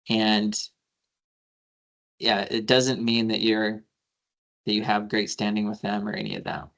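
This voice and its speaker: A man's voice: fairly low pitch, a bit bright. A man, an attorney, giving a casual training talk, telling anecdotes with quoted dialogue and frequent fillers. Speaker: attorney leading a civic training.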